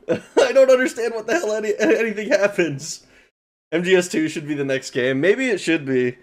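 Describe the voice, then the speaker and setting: Male streamer, somewhat high voice, excitable and rambling, swears and stammers a lot, casual livestream chat. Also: moderate pace.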